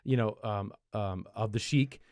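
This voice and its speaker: A man's voice: lowish voice, unhurried, darkish tone, no echo, clean studio sound. A man co-hosting a podcast, laughing a lot and reacting with amazement. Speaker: podcast co-host. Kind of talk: casual chat.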